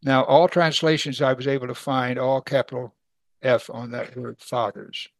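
A man's voice: mid-range voice, fairly even intonation, moderate pace, dry recording. A middle-aged man teaching a Bible passage in a folksy, conversational way, chuckling and acting out the people in the story. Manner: folksy, chuckles, acts out voices.

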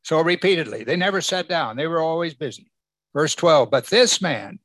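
A man's voice: on the high side, animated, moderate pace, fairly bright tone, dry recording. A man preaching a sermon as pastor, emphatic and asking the congregation rhetorical questions.

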